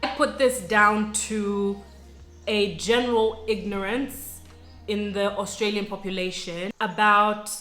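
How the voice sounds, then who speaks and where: A woman's voice: medium pitch, fairly even intonation, slow pace, fairly bright tone. A young adult woman from Sudan telling her own story to camera, earnest and reflective, chatty with many asides. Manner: earnest, reflective, conversational with frequent "you know" and "like". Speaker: vlogger. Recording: roomy echo with faint music.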